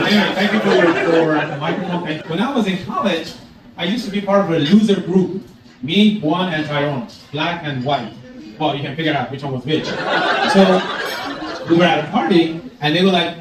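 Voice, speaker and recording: A man in his sixties performs a stand-up set on a club stage, animated and acting out characters. His voice sits high and carries a lot of room echo from a distance. Audience laughter runs underneath. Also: brisk, crowd noise. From Iran. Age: 60s. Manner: animated, acts out voices in jokes. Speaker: stand-up comedian.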